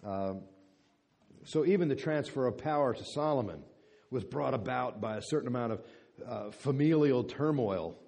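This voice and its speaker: A man reading a long scripture passage aloud and then leading a Bible study, with a measured reading manner and halting fillers when speaking freely. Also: medium pitch, lively intonation, creaky, darkish tone. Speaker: Bible teacher.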